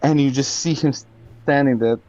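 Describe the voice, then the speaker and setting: A man's voice: mid-range voice, steady tone, a little mellow, muffled recording. A man narrating a tabletop game as dungeon master, drawing out his dramatic descriptions. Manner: slow, drawn-out dramatic narration with swearing.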